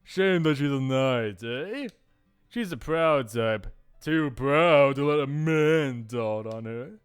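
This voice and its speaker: A man's voice: mid-range voice, expressive, slow pace, smooth, soft background music. A man putting on a jeering Scottish tavern lout. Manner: jeering, mocking. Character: two gruff middle-aged male tavern louts.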